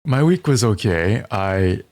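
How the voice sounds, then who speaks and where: A man's voice: on the low side, animated, takes it slowly, darkish tone. A man from California telling stories in a laid-back, laughing way as a podcast cohost. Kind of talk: casual chat.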